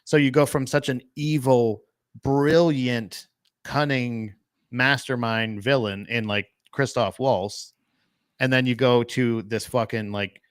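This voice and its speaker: A man's voice: medium pitch, steady tone, takes it slowly, clear, resonant tone, dry recording. A man chatting casually about movies as a podcast co-host, rambling with lots of fillers and swearing.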